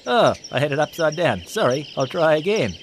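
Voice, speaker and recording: Shy storybook sheep, hesitant and meek, high lively voice, a man putting it on, music underneath. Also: moderate pace. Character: timid gentle male sheep.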